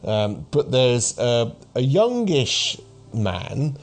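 A man's voice: medium pitch, very animated, very slow. A man in his thirties narrating as game master for a tabletop game, rambling with many restarts. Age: 30s.

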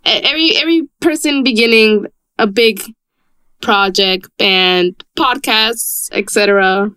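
Smooth-voiced young woman, chatty podcast host. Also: medium pitch, bright, forceful tone, no echo. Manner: chatty, swears freely, rushes in quick bursts. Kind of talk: casual chat.

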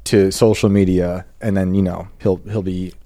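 A man's voice: low voice, flat delivery, normal speed, mellow, no room sound. A man who is a guest writer, chatting casually and thinking aloud with a lot of restarts. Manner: thoughtful, hesitant restarts. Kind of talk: casual chat.

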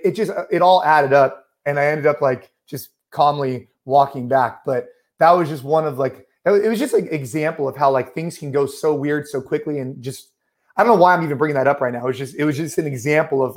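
Brief: thirties man, slightly high voice, rambling podcast storyteller, full of "like" and "you know". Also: fast. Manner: animated storyteller, many fillers like "like" and "you know". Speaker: podcast co-host.

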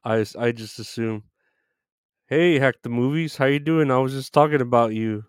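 A man's voice: medium pitch, moderate pace, clear, resonant tone, dry recording. A man hosting a live stream, greeting viewers by name in loose, profane chat with frequent laughs.

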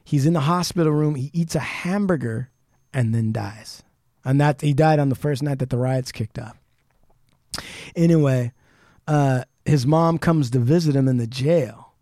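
Podcast guy telling a story, mellow voice, dry close mic, gets animated then drops low. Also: measured pace, dry recording. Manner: animated retelling, dips low and quiet for dramatic passages. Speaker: podcast host. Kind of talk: casual podcast storytelling, reading book passages aloud.

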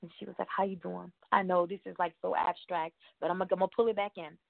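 A woman's voice: fairly low pitch, fairly even intonation, rapid-fire, gravelly, no room sound. A woman hosting a radio show, chatting casually in a rambling way and laughing often. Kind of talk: casual show chat reading birthdays. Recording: tinny phone-like line, dry.

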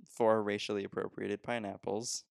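A man's voice: fairly low pitch, little pitch movement, moderate pace, vocal fry, dry recording. A young man co-hosting a casual movie podcast, joking, swearing and laughing often. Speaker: podcast co-host.

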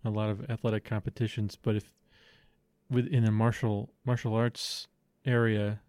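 A man's voice: on the low side, little pitch movement, normal speed, darkish tone, no room sound. A man hosting a podcast, asking curious questions and chiming in with short agreements. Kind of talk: casual podcast conversation.

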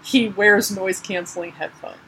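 A woman's voice: mid-range voice, fairly even intonation, moderate pace, sharp tone, a little hiss or hum. A woman co-hosting a comic book podcast, chatting casually with wry, sarcastic humor and frequent laughs. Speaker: podcast co-host. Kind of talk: casual chat.

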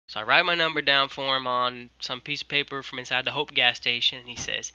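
A young man tells a long, animated anecdote over a video call and keeps slipping into what people said. His voice is very bright and edgy. The audio is dry and close, with no room around it. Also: medium pitch, fast talker, hardly any pauses, clear, resonant tone, dry recording, rough recording. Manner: rambling, animated, quotes people. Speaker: guest, merch designer. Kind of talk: casual storytelling.

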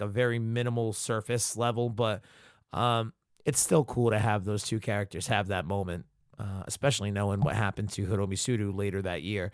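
A man's voice: fairly low pitch, no echo, studio quality. A man hosting a podcast, giving loose, profane fan commentary as he retells scenes. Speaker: podcast host.

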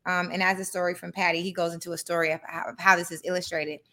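A young adult woman hosting a live podcast, talking in an animated, conversational way and now and then reading passages aloud. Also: fairly low pitch, fast. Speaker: podcast host.

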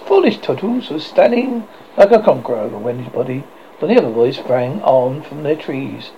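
A man narrating a children's storybook with a theatrical, animated delivery, his pitch rising and falling freely. The voice has a gravelly texture and sits a little high. The recording is slightly dull, with faint background hiss. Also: normal speed. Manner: expressive, theatrical reading. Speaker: audiobook reader.

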